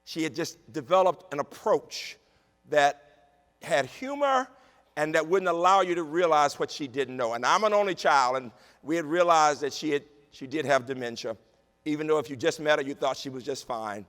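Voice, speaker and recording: A man giving an inspirational keynote speech in a large conference hall, with a rhythmic, repetitive cadence that drops to a hush in tender moments. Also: fairly high pitch, expressive, normal speed. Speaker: keynote speaker, university president. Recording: long hall reverb over a PA.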